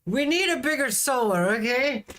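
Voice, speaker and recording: A woman's voice: high-pitched, animated, moderate pace, a bit bright. A woman streaming a farming game, chatting casually and teasing her viewers with a playful, giggly manner. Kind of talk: casual live-stream chat.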